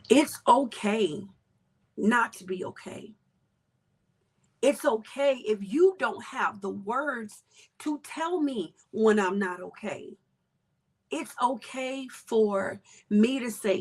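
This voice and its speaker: A woman hosting a podcast, talking earnestly and with emotion, sometimes dropping to a soft whisper. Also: fairly high pitch, lively intonation, slow, slightly rough. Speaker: podcast host. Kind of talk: candid personal reflection.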